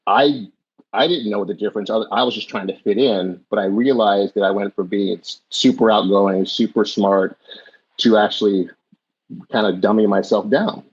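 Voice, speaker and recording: A man's voice: on the low side, fairly even intonation, moderate pace, husky. A middle-aged man who was born in the US and raised in Jamaica, telling his life story as a podcast guest in a reflective, rambling way with many restarts. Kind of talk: candid storytelling in a conversation. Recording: dull lo-fi audio.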